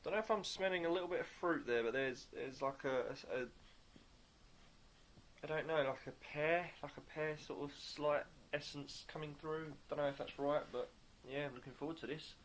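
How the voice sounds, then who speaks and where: A man reviewing a beer on camera in a casual, upbeat way, pausing often to search for words. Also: fairly high pitch, slight background noise. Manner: upbeat and enthusiastic.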